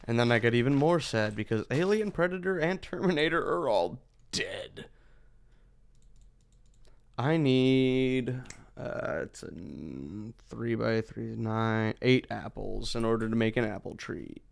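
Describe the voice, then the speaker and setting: A man's voice: medium pitch, lively intonation, a little slow, vocal fry. A man in his thirties chatting casually as he streams a game, rambling with profane asides.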